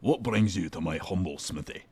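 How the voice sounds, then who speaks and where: A man voicing a crude, rude male dwarf blacksmith in a deeper put-on accent for a game. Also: animated, normal speed, creaky, mellow, husky, heavily acted. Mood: gruff. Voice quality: deeper put-on voice, not Scottish. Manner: rude, swearing, mocking. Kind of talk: fan voicing of a game character.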